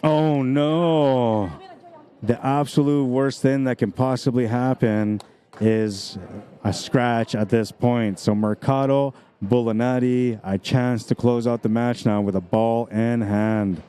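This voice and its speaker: A man commentating a pool match on a live stream, explaining shot angles and easily excited by big shots. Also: mid-range voice, a little slow. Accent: Canadian. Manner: excitable, breaks into screams and laughs at exciting shots.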